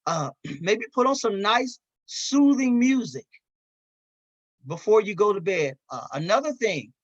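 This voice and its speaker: A man's voice: sits high, fairly bright tone. A man leading a seminar in a folksy, chatty way, often stopping and restarting his sentences. The sound is dull and muffled, recorded dry and close with no room echo. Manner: conversational, folksy, with frequent restarts and light laughs. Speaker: seminar presenter. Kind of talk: informal seminar talk.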